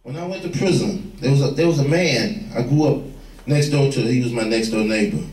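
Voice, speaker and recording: A man's voice: mid-range voice, fairly quick, a little mellow. Storytelling man in an echoey room. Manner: vivid storyteller, acts out quoted voices. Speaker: former gang leader speaking to youth. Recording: echoey room, far from the mic.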